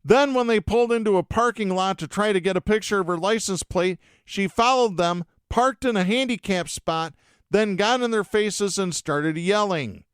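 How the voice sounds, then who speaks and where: Sarcastic news-reading man, high clear voice. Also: moderate pace, no room sound, studio quality. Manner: sarcastic, indignant asides between read stories. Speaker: podcast host. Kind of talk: reading news stories with commentary.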